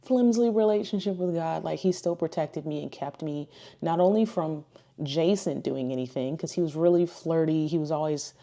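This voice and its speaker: Woman, 30s, casual personal testimony, chatty storytelling, warm low voice. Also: moderate pace. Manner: chatty, full of "like" and "you know", acts out quoted dialogue. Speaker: ministry speaker.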